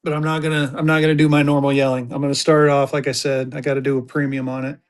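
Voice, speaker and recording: A man's voice: medium pitch, level tone, rapid-fire, smooth. A man hosting a casual live-stream auction from a room at home, rambling and joking as he sells and repeats himself.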